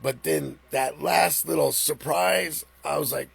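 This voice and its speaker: A middle-aged man hosting a live stream, retelling a story in a casual, animated way, with rambling restarts. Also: fairly high pitch, measured pace, vocal fry, hardly any pauses, breathy edge, no room sound.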